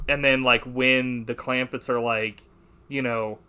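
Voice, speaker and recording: A man's voice: mid-range voice, little pitch movement, unhurried, pushed and bright, clear, resonant tone. A young man hosting a podcast, chatting casually about a movie, rambling, swearing and laughing as he quotes lines. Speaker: podcast host.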